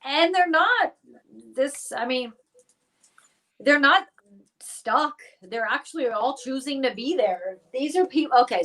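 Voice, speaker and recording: A woman doing remote viewing in a casual live chat, halting and full of restarts, given to squeamish exclamations. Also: high-pitched, a bit bright. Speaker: psychic remote viewer.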